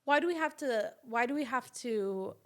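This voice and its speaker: Opinionated woman with a raised pitch. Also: expressive, normal speed. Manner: opinionated, talks things through. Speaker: podcast co-host. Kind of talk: casual chat.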